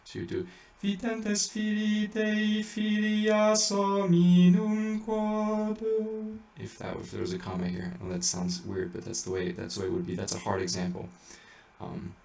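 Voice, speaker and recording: A man teaching how to sing Latin chant tones, talking casually with halting explanations, many fillers and restarts. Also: low-pitched, monotone, gravelly, a little mellow, far from the mic. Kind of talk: informal spoken lesson with sung examples. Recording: echoey room, voice a bit off-mic, faint background noise.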